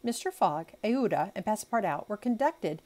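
A woman reads a classic novel aloud in her own plain voice, with a mid-pitched, everyday tone. She breaks off for chatty asides and sometimes trips over hard words. It is a homemade audiobook reading. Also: expressive, moderate pace, mellow. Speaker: audiobook reader. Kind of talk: amateur audiobook narration.

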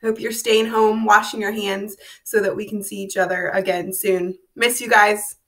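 A woman's voice: medium pitch, little pitch movement, normal speed. A woman teacher chatting cheerfully to pupils at home.

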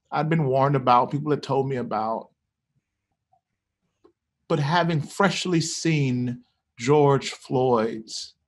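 A middle-aged man, a pastor, telling a personal story in an earnest, animated way. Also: medium pitch. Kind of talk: conversational storytelling.

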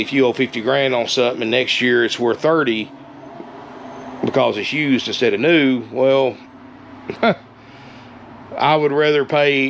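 A man giving a casual, folksy sales pitch for an RV, repeating himself and calling viewers "guys". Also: muffled recording, a little hiss or hum. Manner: folksy, repetitive, keeps saying "guys".

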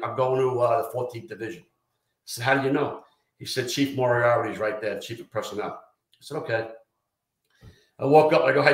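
A man tells his stories in a loose, profane way, acting out what each person said. His voice sits at a middling pitch. The room gives it a noticeable echo. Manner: profane, animated anecdotes with quoted dialogue. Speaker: retired fire lieutenant guest. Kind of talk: casual storytelling interview. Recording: roomy echo.

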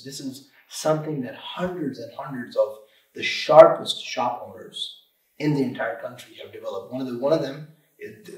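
A man's voice: mid-range voice, a little mellow. Emphatic man in a roomy room. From Michigan, USA. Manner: emphatic, repeats words, restarts often. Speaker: auto repair shop owner, guest. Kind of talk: casual podcast interview. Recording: roomy room, distant mic.

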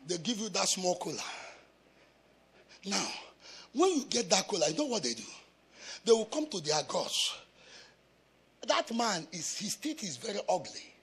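A man from Africa preaching a sermon as a pastor, shouting in a sing-song chant with bursts of speaking in tongues. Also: high-pitched, big pitch swings, a little slow, vocal fry, pauses often, husky. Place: church.

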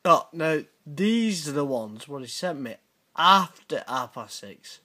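A British man in middle age hosts a casual reaction video, his voice sitting fairly high. He drawls unhurriedly through his points, blunt and sweary, with a teasing edge. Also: lively intonation, slow, bright, forceful tone. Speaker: channel host reacting to viewer messages.

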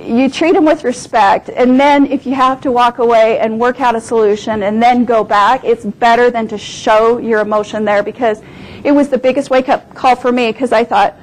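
A woman's voice: a little high, moderate pace, poor audio. Emphatic middle-aged woman lecturing. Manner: emphatic, repeats points for stress; animated storytelling. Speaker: guest speaker, business owner. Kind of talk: lecture with personal stories.

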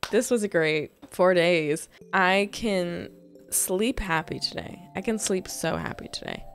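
A young woman hosting a casual let's-play, muttering in exasperation and then bursting into relieved excitement. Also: fairly low pitch, unhurried, slight background noise. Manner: animated, exasperated muttering with sudden joyful outbursts. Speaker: gaming channel host.

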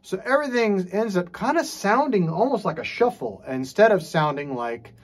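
A man teaching jazz drums in a relaxed, casual way, scat-singing rhythms and checking in with frequent "okay"s. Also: sits high, normal speed. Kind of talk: casual instructional talk. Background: drum playing.

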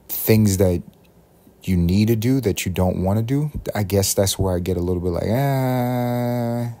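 A man from Puerto Rico hosting a solo podcast, thinking aloud in a rambling, self-questioning way with drawn-out phrases. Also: deep voice, warm tone. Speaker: podcast host.

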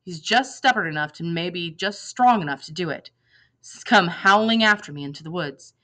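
A woman reading a novel aloud in lively first-person narration, acting out the dialogue. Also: lowish voice, moderate pace, poor audio. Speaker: reader.

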